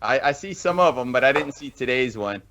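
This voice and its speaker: A man's voice: mid-range voice, lively intonation, a little fast, fairly bright tone. A man hosting a podcast, eager and laid-back, calling everyone man and dude. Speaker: podcast host. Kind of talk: casual interview chat. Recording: dull, lo-fi podcast audio.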